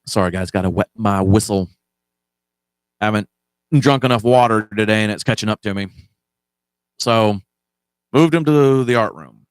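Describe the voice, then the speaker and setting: A man tells a long story in a relaxed monologue and acts out the lines of the people in it. His voice sits low and comes across smooth and resonant. The recording is dry, with the mic close. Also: normal speed, long pauses, no room sound. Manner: conversational, acts out quoted dialogue. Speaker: podcast host.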